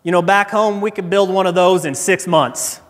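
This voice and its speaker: A man's voice: high voice, normal speed, close to an everyday voice. A man voicing a big, boastful male tourist who brags. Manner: bragging, drawling. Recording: echoey hall reverb.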